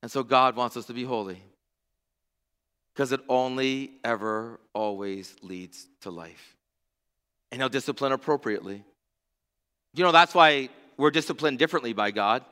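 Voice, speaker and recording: A middle-aged man preaching a sermon as pastor, with impassioned, rhythmic repetition that swings from hushed to near-shouting. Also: mid-range voice, moderate pace, long pauses, clean tone. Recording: long reverb of a large hall.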